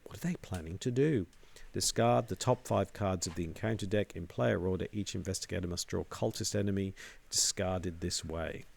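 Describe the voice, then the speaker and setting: A man co-hosting a board game podcast, chatty and quick to check his facts. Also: deep voice, creaky. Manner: chatty, laughs easily, asks for confirmation. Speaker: podcast co-host. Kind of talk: casual board game discussion.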